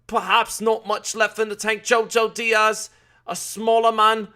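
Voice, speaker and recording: Brash mock-British boxing pundit, slangy and cocky, with a bright, forceful, raised voice, put on by a man. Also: high-pitched, monotone, a little slow, pitched above the performer's own voice. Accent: deliberately poor put-on British accent. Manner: brash, slangy, repeats catchphrases. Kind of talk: live-stream commentary.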